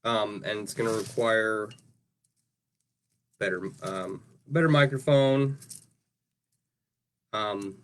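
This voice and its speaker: A man's voice: fairly low pitch, takes it slowly, long pauses. A man casually talking through his craft work on a livestream, rambling and often ending sentences with "right?". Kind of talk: casual livestream talk while working.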